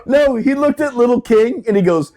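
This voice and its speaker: Podcast host guy, high voice, bouncy and animated, laughing through rowdy war stories. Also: normal speed. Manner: laughs often, acts out quotes; profane, animated banter. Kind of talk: casual storytelling chat.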